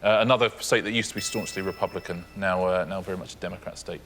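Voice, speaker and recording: A man giving dry, quick explanatory asides as co-host of a quiz show. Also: sits low, fairly even intonation, fairly bright tone, slight background noise. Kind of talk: game show commentary. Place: TV studio.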